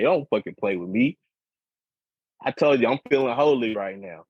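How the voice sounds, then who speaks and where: A husky-voiced man rambles through a profane, repetitive story on a casual podcast. His sound is dry and close, with dull, lo-fi podcast audio that lacks any sparkle. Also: mid-range voice, expressive, normal speed, dry recording. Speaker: podcast co-host.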